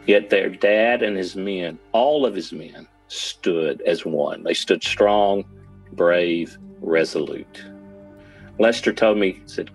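A man recounting his father's wartime ordeal in an earnest, dramatic documentary interview, pausing for effect. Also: sits low, gravelly, soft background music, low-quality recording. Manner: earnest, dramatic retelling with pauses. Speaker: son recounting his father's war story.

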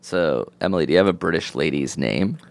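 A joking podcast co-host with a very deep, gravelly voice that swings widely in pitch. He asks question after question in loose, casual chat. The sound is close and dry. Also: expressive, brisk, dry recording.

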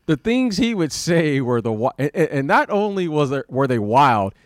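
A former basketball player in his fifties talks on his podcast in a slightly high voice. He stops and restarts his sentences, repeats words and laughs often. The sound is close and dry. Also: very animated, normal speed, no echo. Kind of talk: casual podcast chat.

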